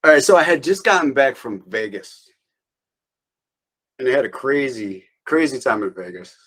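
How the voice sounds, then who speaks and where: A man's voice: mid-range voice, lively intonation, normal speed, a bit bright, rough recording. A man being interviewed, telling a long story in a loose, rambling way with restarts and small laughs. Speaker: interview guest.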